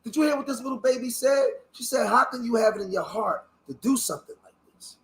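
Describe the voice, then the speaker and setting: A man's voice: extremely high pitch, fast, a bit bright. A man from Philadelphia giving a passionate, preachy reaction commentary, swearing as he talks. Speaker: online commentator.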